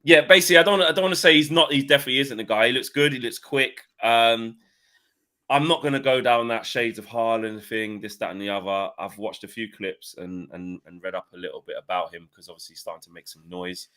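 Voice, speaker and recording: A man co-hosting a casual football podcast, chatty and quick to laugh, with many fillers. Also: mid-range voice, sharp tone. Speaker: podcast co-host.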